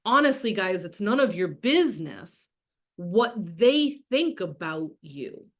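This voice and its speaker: A woman's voice: mid-range voice, very animated, slow pace. A woman business coach teaching a live online masterclass, talking candidly and casually, swearing freely and reading out viewers' comments as she goes. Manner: casual, chatty, heavy with fillers like "like".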